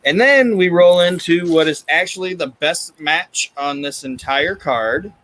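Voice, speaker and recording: A man's voice: fairly high pitch, unhurried, fairly bright tone, low-quality recording. A man co-hosting a podcast, chatting casually about wrestling and swearing freely. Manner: swears freely, laughs often. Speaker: podcast co-host. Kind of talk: casual chat recapping wrestling.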